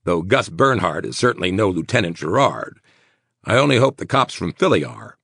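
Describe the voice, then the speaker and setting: A man's voice: low-pitched, big pitch swings, moderate pace, gravelly, fairly bright tone, husky, no echo, clean studio sound, full character voice. A man voicing a tense, jittery small-town mayor. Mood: worried. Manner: tense, clipped, insistent. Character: nervous sweating middle-aged male mayor.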